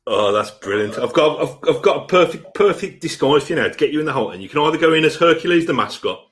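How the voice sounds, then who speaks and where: A man's voice: on the high side, animated, fast. A man hosting a casual chat, asking playful, teasing questions. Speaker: host.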